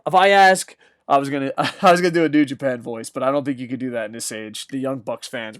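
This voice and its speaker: A man's voice: on the high side, no echo, clean studio sound. A man hosting a combat sports news show, delivering a jokey, profane rant of casual commentary. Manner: mocks others with quick put-on voices.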